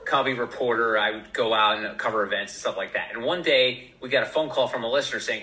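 A man telling a story as a podcast guest in a casual, animated way, acting out the voices of the people in it. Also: medium pitch, fast, hardly any pauses, echoey room, low-quality recording. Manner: animated, acts out voices in quotes.

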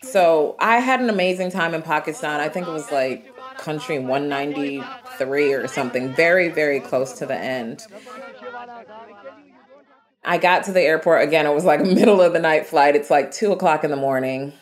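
Female guest, American, deep-set voice, lively storyteller. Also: normal speed, crowd noise. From United States. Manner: vivid, animated storytelling with quoted asides. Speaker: guest traveler. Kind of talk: storytelling interview.

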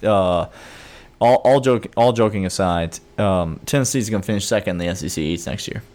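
A man's voice: on the low side, fairly quick, a little mellow. A man co-hosting a casual sports chat, joking and mock-serious, often rambling with fillers. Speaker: sports podcast co-host.

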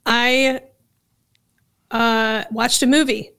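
Deadpan woman podcast co-host. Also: on the high side, drawn-out words, gravelly, smooth. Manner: dry, deadpan comebacks with laughs. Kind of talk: casual podcast banter.

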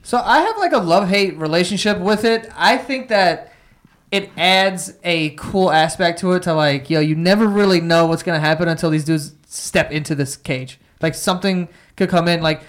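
A man co-hosting a casual sports chat, excitable and swearing freely. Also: high-pitched, normal speed. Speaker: podcast co-host.

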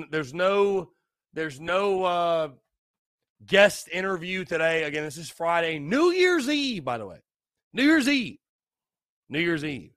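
A man's voice: on the high side, sharp tone, no echo, studio quality. A young man hosting a casual solo podcast, tipsy, rambling and repeating himself. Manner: rambling, repetitive, loose and tipsy. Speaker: podcast host.

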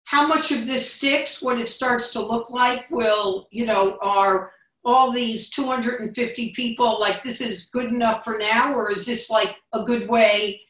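A woman's voice: on the high side, steady tone, measured pace, fairly bright tone. A woman hosting a bookstore author interview, reading a prepared introduction and then asking questions. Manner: reads a scripted introduction, then asks questions. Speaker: bookstore event host. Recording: echoey room, distant mic.

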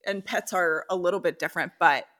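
A woman's voice: lowish voice, a little fast, fairly bright tone. A woman hosting a podcast, reading listener stories aloud and then chatting candidly with her guest. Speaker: podcast host. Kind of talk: casual podcast conversation.

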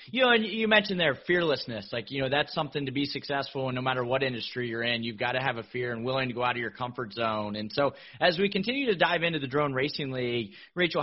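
A man's voice: mid-range voice, dull audio. A man hosting a podcast, asking chatty, rambling questions and affirming his guest. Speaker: podcast host. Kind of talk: casual interview hosting.

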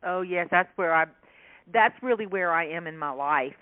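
A woman from South Carolina, an author and humorist, telling stories in an animated way as a guest in an interview. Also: on the low side, moderate pace. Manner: animated, laughing storyteller. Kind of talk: storytelling interview chat. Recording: tinny phone line.

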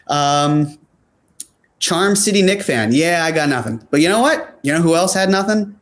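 A man with a slightly higher voice hosts a casual sports talk show. He reads out viewer comments and answers them in a loose, chatty way, with many fillers and restarts. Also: a little slow. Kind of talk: casual chat.

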